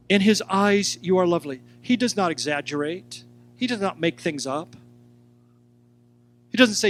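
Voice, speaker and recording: Animated high-voiced male Bible teacher. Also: fairly quick, soft background music. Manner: animated, acts out quotes and speaks directly to listeners. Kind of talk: sermon teaching.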